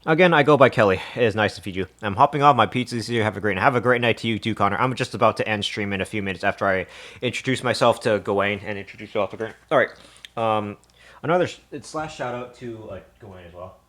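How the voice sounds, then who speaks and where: A man's voice: fairly low pitch, quick pace, fairly bright tone. A man streaming live from a home kitchen, winded and tired. He rambles to his viewers and swears often. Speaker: livestreamer. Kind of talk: casual live-stream chat.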